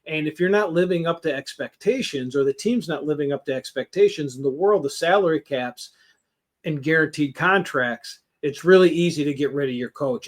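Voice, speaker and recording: A man co-hosting sports talk radio, measured and reflective in his delivery. His voice sits a little high for a man. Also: a bit bright.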